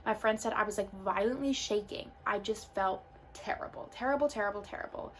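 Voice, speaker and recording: A woman's voice: medium pitch, brisk. Young woman telling a story, lots of fillers. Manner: casual, filler-heavy storytelling. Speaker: vlogger. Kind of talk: storytime vlog. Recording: faint background noise.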